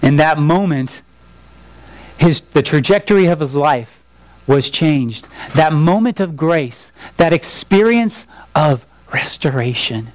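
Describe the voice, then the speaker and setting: A man's voice: a little high, animated, slow, no room sound, low-quality recording. Man preaching an earnest sermon. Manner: earnest, pleading, repetitive appeals. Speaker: pastor.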